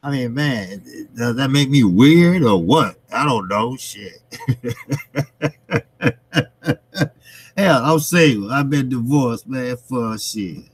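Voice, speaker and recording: A middle-aged man hosts his own channel, chatting loosely to the camera and his viewers in a mid-range, slightly rough voice. He's expressive and unhurried with hardly any pauses, rambling with many fillers and frequent laughs, on a low-quality recording.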